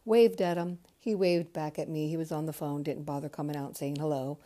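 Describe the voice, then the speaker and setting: A woman in her fifties hosts a podcast, recounting her younger years in a loose, chatty way. Her voice is low-pitched and mellow, and she often drifts into softer, quieter passages. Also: steady tone, brisk. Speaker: podcast host. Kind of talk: casual memoir storytelling.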